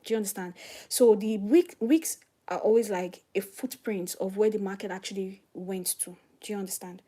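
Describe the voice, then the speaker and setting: A woman's voice: mid-range voice, moderate pace, mellow. Woman explaining gold trade charts. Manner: chatty, explains step by step, asks "do you understand?". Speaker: forex trading streamer. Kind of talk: live trading screen-share commentary.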